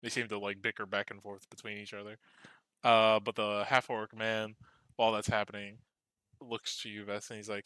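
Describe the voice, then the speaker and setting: A man's voice: fairly low pitch, level tone, moderate pace, bright, forceful tone, smooth, no room sound. A man who runs a tabletop game as game master, narrating loosely and laughing, often swearing.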